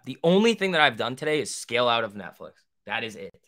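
A man's voice: mid-range voice, sing-song, fast talker, fairly bright tone. A young man hosting a trading livestream, answering viewer questions in a rambling, profane, joking way. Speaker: stock trading livestream host.

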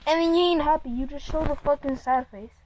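A high, bright-sounding woman calls out a pack-opening game in loose, casual commentary. She is excitable and swears freely, needling her opponent as she goes. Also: fairly quick, very noisy. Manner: excitable, swears a lot, teases the other player. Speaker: player and commentator. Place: room at home, Android phone game.

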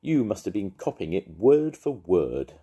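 A grandad voicing a kind, tactful old friend. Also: male voice, sits low, big pitch swings, normal speed, slightly rough, exaggerated voice. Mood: stern. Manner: patient, gently reassuring. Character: kindly older male shopkeeper friend, gentle and tactful.

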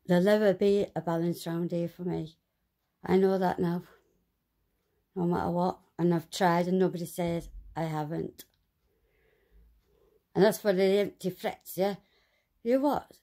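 Swearing woman with a dark voice. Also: lowish voice, fairly even intonation, moderate pace, gravelly, pauses often. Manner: swearing, exasperated ranting. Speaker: vlogger. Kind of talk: angry monologue to camera.

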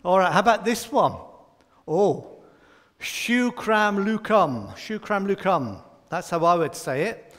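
A man with a fairly high voice leads a light-hearted children's slot in a church service. He quizzes the children by name and jokes as he goes. His voice rings out with a long reverb from the church hall. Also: lively intonation, unhurried, fairly bright tone. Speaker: church leader giving a children's talk. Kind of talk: playful all-age children's talk in a church service.

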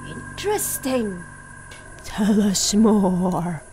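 A woman voicing a group of tangled, flying creatures with a slow, sarcastic drawl over game music. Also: medium pitch, mellow, rough recording.

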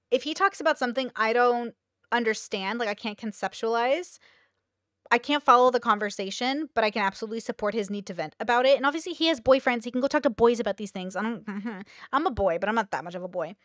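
A woman's voice: fairly high pitch, no room sound, clean studio sound. A woman content creator chatting candidly to camera in a rambling, confessional way. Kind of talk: casual talking-head chat.

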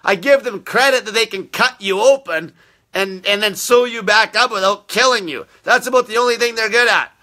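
Brief: high-pitched, very bright, tense male host, abrasive, profane and insulting, live-stream rant. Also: normal speed. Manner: aggressive, constant swearing, insulting viewers. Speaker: fasting diet coach hosting a live show.

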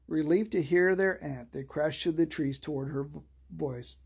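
A storyteller reading a children's bedtime story aloud, slow and soothing. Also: mid-range voice, vocal fry, a little mellow, slightly rough.

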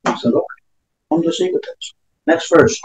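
A man's voice: extremely high pitch, normal speed, creaky, echoey room, rough recording. A man preaching a sermon, reading scripture aloud between emphatic remarks.

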